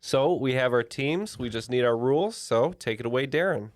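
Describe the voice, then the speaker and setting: A man's voice: medium pitch, expressive, moderate pace, no echo, soft background music. A man co-hosting a trivia podcast with jokey, upbeat banter. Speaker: podcast co-host and player.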